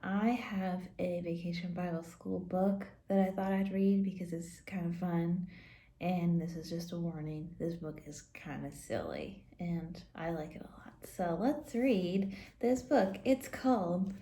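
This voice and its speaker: A woman teaching Sunday school who reads a silly picture book aloud to children, playful and quick to giggle. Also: lowish voice, animated, mellow, a little hiss or hum. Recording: roomy echo.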